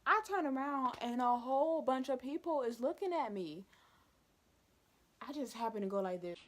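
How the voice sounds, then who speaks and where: Animated young woman telling a storytime. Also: high-pitched, moderate pace. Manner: animated, dramatic retelling with asides. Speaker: vlogger. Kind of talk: storytime vlog.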